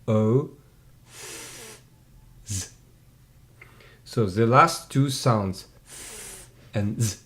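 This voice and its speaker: A man tutoring English one-on-one, patiently drilling pronunciation by repeating sounds. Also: on the low side. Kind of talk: one-on-one language lesson.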